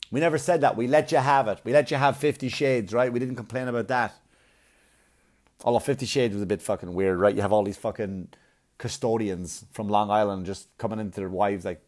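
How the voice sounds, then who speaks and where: A man's voice: lowish voice, fairly quick, a little mellow. A man on a blunt, profane comic rant, arguing and mocking as he goes. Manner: blunt, swearing, argumentative, mocking.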